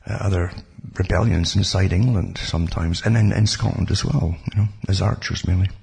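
Man, very deep voice, heavily gravelly and husky, rambling casual history talk. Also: steady tone, fairly quick, a little mellow. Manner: rambling, digressive, asides like "you see". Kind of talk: casual spoken history monologue.

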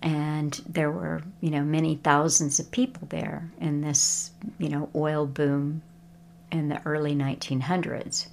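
A woman's voice: sits low, flat delivery, a little slow, creaky, a little mellow, a little hiss or hum. A woman telling a personal story in a casual, conversational way, with chuckling asides. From Texas.

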